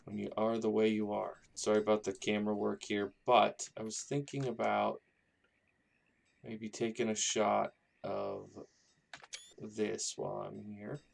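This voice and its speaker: A man's voice: lowish voice, level tone, a little slow, gravelly, slight background noise. A man casually commenting on his own gameplay, rambling and thinking aloud as he builds a town. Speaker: gaming YouTuber.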